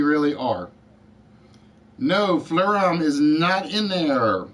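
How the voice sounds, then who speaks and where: Slow, deliberate male game show host. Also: on the high side, a bit bright. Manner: deliberate, spells out letters and addresses players by name. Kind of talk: live-streamed game show hosting.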